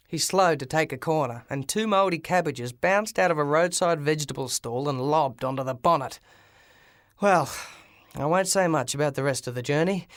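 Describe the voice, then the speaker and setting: A man narrating a first-person audiobook with lively storytelling and shouted dialogue. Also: on the high side, dry recording, clean studio sound.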